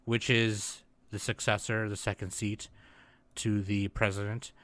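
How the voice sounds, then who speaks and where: A man's voice: on the low side, level tone, unhurried, a bit bright, no room sound. A young man co-hosting a podcast, chatting in a loose, rambling and profane way. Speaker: podcast co-host. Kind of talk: casual chat.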